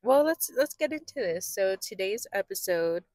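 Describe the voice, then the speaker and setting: A woman's voice: mid-range voice, lively intonation, moderate pace, a little mellow, no echo. Giggly woman podcast co-host, dry sound. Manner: giggly, playful, slips into silly accents. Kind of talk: casual chat.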